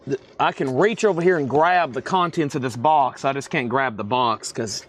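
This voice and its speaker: A man hosting a live record sale, calling out items, prices and buyers in a brisk, chatty way from a record shop storeroom. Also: medium pitch. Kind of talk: livestream auction calling.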